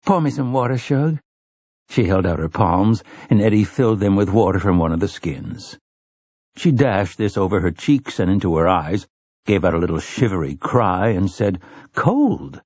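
A man reading a novel aloud as an audiobook narrator, expressive and shifting between character voices. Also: low voice, normal speed, breathy edge, dry recording. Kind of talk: scripted narration.

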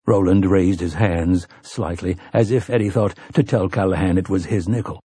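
A male audiobook narrator with a low, husky voice reads a script in a steady, measured way. There is no room sound in the recording.

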